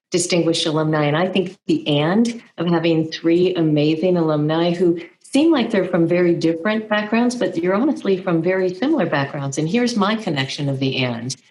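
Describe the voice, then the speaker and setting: A woman's voice: lowish voice, lively intonation, moderate pace, hardly any pauses, a little mellow, poor audio. Woman moderator, gushing and emotional, thanking panelists. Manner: effusive and emotional. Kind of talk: panel discussion.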